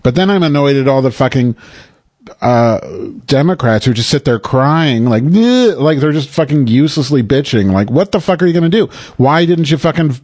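A man holding forth in an improvised comedy rant, swearing freely and sounding fed up. His pitch sits in the middle, and the recording is dry and close. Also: animated, brisk, darkish tone, no room sound. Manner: profane, exasperated ranting.

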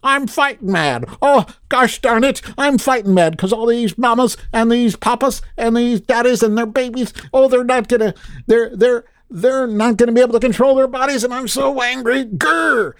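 A man's voice: normal speed, clear, resonant tone, no room sound, clean studio sound. A man putting on a mocking impression of a folksy woman politician, whining with exaggerated fake anger. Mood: mock outrage. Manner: shrill, exaggerated whine.

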